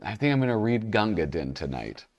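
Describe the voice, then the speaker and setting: Lively low-voiced man, rambling commentary. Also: a little fast, recorded from a distance, highs cut off. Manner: rambling, self-interrupting, chuckling asides. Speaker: comic magazine reviewer, show host. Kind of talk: casual commentary while flipping pages.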